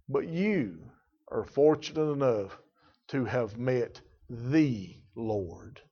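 A man's voice: medium pitch, lively intonation, slightly rough, muffled recording. Emphatic preacher man. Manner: emphatic preaching with rising volume and drawn-out stresses; addresses congregation members by name. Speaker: pastor. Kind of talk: sermon.

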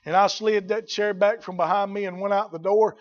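Male preacher, plainspoken sermon, high voice, muffled old recording. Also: fairly even intonation, fairly quick. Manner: folksy, blunt, builds to shouting.

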